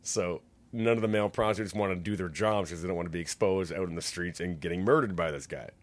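Low-voiced rambling man. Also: quick pace. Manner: rambling, laughing, many fillers. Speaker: podcast co-host. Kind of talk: casual chat.

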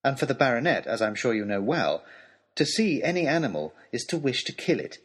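A male storyteller reading a letter aloud in a wry, dry, polite tone. His voice is slightly husky and moves through a lively pitch range. It sits at a middle pitch. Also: brisk. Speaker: audiobook reader.

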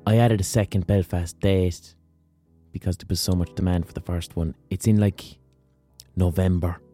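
A man talks alone into a podcast mic in a low, mellow voice. He swears freely, rants, and pokes fun at himself. A faint instrument plays softly behind him. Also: steady tone, normal speed, faint music behind. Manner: profane, rants, self-mocking. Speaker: podcast host. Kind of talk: casual monologue.

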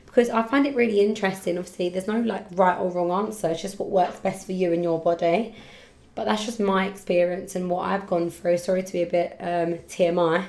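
A woman hosting a casual solo podcast, chatty and rambling, quick to laugh and loud when excited. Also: lowish voice. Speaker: podcast host and hairdresser. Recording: roomy echo around the voice.

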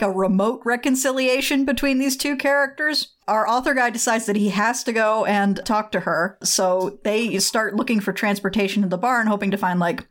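Woman podcast co-host, casual chat, wry plot summary. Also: mid-range voice.

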